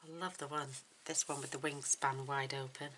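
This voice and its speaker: A woman hosting a card-making tutorial, talking softly and admiringly as she works, often dropping to a near whisper. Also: a bass voice, flat delivery, moderate pace, slight background noise, poor audio. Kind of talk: relaxed craft tutorial narration.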